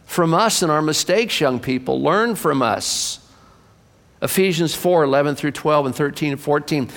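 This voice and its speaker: A man in his sixties preaching a sermon to his church, impassioned, swinging from loud bursts to hushed low asides. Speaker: pastor. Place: church sanctuary. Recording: long reverb of a church hall.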